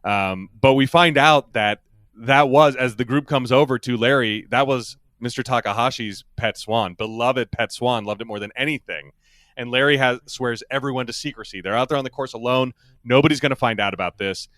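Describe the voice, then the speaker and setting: Male co-host, loose and chatty, laughs easily, bright tense tone. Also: mid-range voice, moderate pace, no echo, studio quality. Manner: chatty, laughs often, rambling asides. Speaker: podcast co-host. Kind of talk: casual recap chat.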